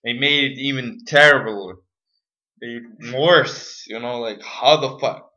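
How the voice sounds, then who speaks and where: A man's voice: mid-range voice, slow, muffled recording, background noise. A man vlogging an unscripted rant to camera, profane, rambling and exasperated. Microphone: camera mic.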